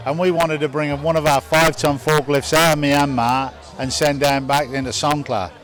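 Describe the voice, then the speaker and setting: A man's voice: fairly high pitch, level tone, moderate pace, fairly bright tone, faint music behind. A man talking casually about his business in an interview, telling anecdotes. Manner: chatty, anecdotal. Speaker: business owner interviewed at an event.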